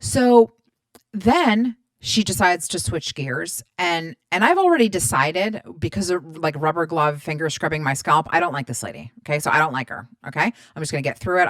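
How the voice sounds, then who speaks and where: A woman in her thirties hosting a podcast, telling stories in a chatty, animated way, swearing freely and acting out both sides of each exchange. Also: sits low, normal speed, no room sound. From Middle Eastern background. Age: 30s. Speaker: podcast host. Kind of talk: casual storytelling monologue.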